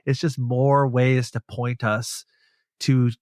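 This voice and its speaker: A man's voice: mid-range voice, level tone, takes it slowly, a little mellow, no room sound, clean studio sound. A man from the American Midwest hosting a travel podcast in casual, enthusiastic chat. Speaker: podcast host.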